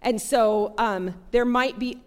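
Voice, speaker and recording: A woman giving a sermon, telling a personal story in an earnest, conversational and animated way. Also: a little high, takes it slowly. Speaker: preacher. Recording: long hall reverb.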